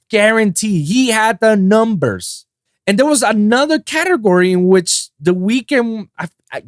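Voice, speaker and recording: A man from Puerto Rico hosting a solo podcast, ranting in a casual, profane way that swings between loud outbursts and low mutters. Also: no echo, clean studio sound. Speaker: podcast host.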